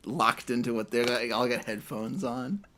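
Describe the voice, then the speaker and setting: A man's voice: mid-range voice, normal speed, bright, forceful tone, slight background noise. A man co-hosting a podcast, chiming in casually with questions and jokes. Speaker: podcast co-host. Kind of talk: casual chat.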